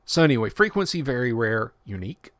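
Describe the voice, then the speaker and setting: A man's voice: medium pitch, sing-song, fast talker, fairly bright tone, no echo. A man hosting a casual livestream, reading tabletop rule text aloud and breaking off for joking asides and self-corrections. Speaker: livestream host.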